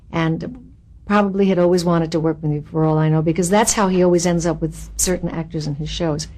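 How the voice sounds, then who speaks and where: A woman being interviewed as an actress, telling anecdotes in an animated, expressive way and acting out the quotes. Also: lowish voice. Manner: animated, expressive storyteller who acts out quotes.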